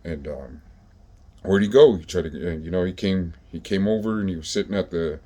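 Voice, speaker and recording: Deep, dark-toned man telling street stories. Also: a little fast. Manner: profane, laid-back street talk with many fillers. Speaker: storyteller recounting his own past. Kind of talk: casual storytelling.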